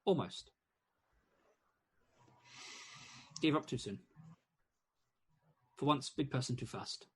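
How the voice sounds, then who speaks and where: Tabletop game figure: a man doing a tiny hummingbird mentor, high, husky, clipped and cryptic. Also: a little slow. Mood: teasing. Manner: clipped broken phrases, high and lively. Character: small chirpy hummingbird spirit guide, cryptic.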